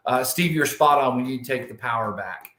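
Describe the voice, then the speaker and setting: A man's voice: mid-range voice, brisk, over a noisy crowd. A man from the United States co-hosting a podcast, chatting casually with frequent restarts. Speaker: co-host. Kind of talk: podcast conversation. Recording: echoey room.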